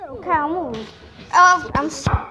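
A woman's voice: high-pitched, lively intonation, moderate pace, background noise. A teenage girl hosting a casual gameplay video from home, chatty and rambling, often joking at herself. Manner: chatty, rambling, self-mocking. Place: home room, others nearby.

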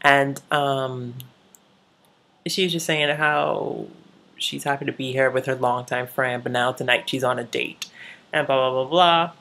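A woman's voice: a bass voice, fairly even intonation, measured pace, fairly bright tone. A woman vlogger chatting casually while recapping TV shows, swearing freely and laughing often.

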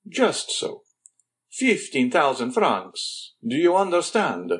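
A man's voice: a little high, very animated, takes it slowly. A man reading an audiobook, voicing a suave count who questions and tempts a clerk with pointed questions. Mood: tempting.

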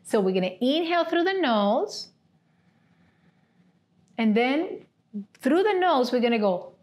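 A woman yoga therapy instructor leading a seated class with gentle step-by-step cues, often checking in with "right?". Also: high voice, big pitch swings, unhurried.

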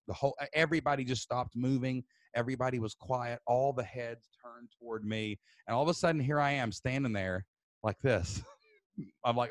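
A man, a podcast host telling a story loudly and excitably, then turning it into marketing advice. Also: medium pitch, no room sound. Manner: loud, excitable, fast-moving. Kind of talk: animated storytelling.

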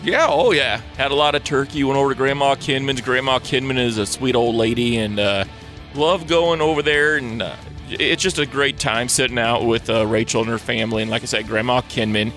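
A man's voice: medium pitch, fairly even intonation, a little fast, fairly bright tone, faint music behind. A man co-hosting a radio racing talk show, chatting easily and plugging promotions. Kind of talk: casual radio chat.

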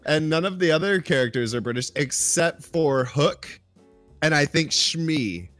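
Brief: young male guest, slightly high voice, calm and considered, faint music behind. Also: unhurried, dry recording. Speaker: podcast guest. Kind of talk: casual movie review chat.

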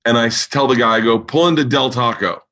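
A man's voice: medium pitch, fast, sharp tone. A man hosting a podcast, telling rowdy stories in casual chat, swearing freely and acting out quotes in raised voices. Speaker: podcast host.

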